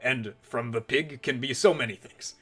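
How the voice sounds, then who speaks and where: A man's voice: medium pitch, moderate pace, sharp tone, breathy edge. A man playing a haughty, scornful head chef. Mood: lecturing. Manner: lecturing, formal speech without contractions.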